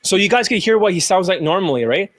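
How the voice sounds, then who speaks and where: A high-pitched man rants as a dating coach, swearing freely and mocking others. His voice is recorded dry and close, with no room around it. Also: animated, quick pace, a bit bright, dry recording. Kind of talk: ranting video commentary.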